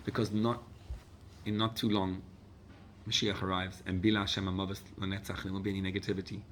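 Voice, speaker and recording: A rabbi with a deep voice preaches a sermon fast, swinging animatedly between loud, urgent exhortation and hushed intimacy. He mixes in Hebrew and Yiddish phrases, and the recording has a little hiss or hum.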